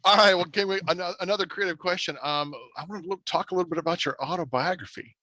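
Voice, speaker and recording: Podcast host guy, kinda high bright voice, chill and joking, lots of ums. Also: fast talker, dry recording. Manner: laid-back, jokey, lots of ums. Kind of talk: casual interview chat.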